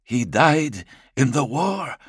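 A man's voice: medium pitch, sing-song, slow pace, husky, no room sound, studio quality, voice pushed up, exaggerated voice. A man voicing a deferential male warrior officer with a raised, strained, urgent delivery. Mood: urgent deference.

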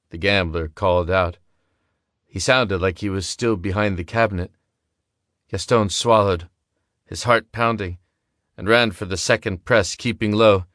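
A man giving steady, measured scripted narration of a story. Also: deep voice, no echo, studio quality. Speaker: audiobook narrator.

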